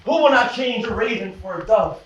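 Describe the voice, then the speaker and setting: An ardent, impulsive young lover, as a man plays him on stage, declaiming verse so the house can hear. His voice sits high and bright. It is caught from far off in a ringing theater. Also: animated, brisk, muffled recording. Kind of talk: live stage acting. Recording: echoey stage, recorded from far off.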